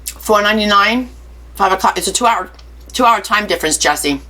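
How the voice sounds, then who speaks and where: Woman hosting a craft livestream, chatty and jokey, answers chat comments, pretty bright tone. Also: mid-range voice, expressive, fairly quick. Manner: chatty, reads viewer comments aloud and answers them; playful, jokey asides. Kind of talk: casual live-stream chat.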